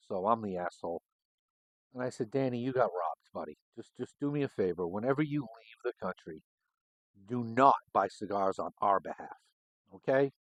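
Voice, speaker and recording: Middle-aged ex-cop host with a lowish voice, dry close sound, swears freely and rambles through anecdotes. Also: male voice, no room sound, low-quality recording. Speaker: cigar show host, former homicide detective. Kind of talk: casual storytelling.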